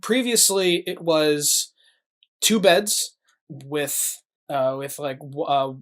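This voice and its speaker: A man's voice: fairly high pitch, fairly even intonation, slow, fairly bright tone. Rambling man running a tabletop game. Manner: rambling, many fillers and "like". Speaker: game master.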